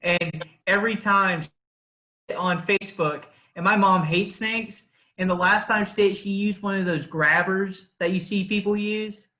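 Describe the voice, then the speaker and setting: A man's voice: high voice, steady tone, measured pace, bright, forceful tone, rough recording. A man telling a short anecdote in a casual group video call, hesitant with fillers.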